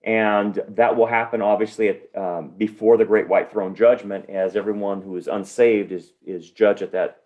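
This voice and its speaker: A middle-aged man, a pastor, answering a listener's Bible question with calm, steady explanation. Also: fairly low pitch, moderate pace, hardly any pauses, muffled recording. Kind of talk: Bible teaching in a podcast Q&A.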